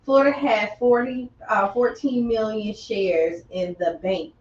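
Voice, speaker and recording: A woman co-hosting a casual morning livestream, chatty and quick to complain and laugh. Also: mid-range voice, fairly even intonation, a little mellow, distant mic. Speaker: morning show co-host. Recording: dull, roomy, off-mic, faint noise.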